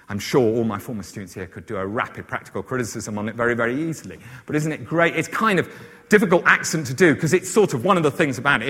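A man talks his way through an informal lecture, full of fillers and little asides. His voice sits at an ordinary middle pitch. The sound carries a long reverb, as if recorded in a hall. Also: a bit bright, breathy edge. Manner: chatty, many fillers and asides.

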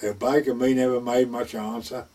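A man's voice: medium pitch, flat delivery, brisk, dark tone, far from the mic. An older man recounting his wartime years at sea in a rambling oral history, acting out what people said. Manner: rambling anecdotal, acts out quoted speech.

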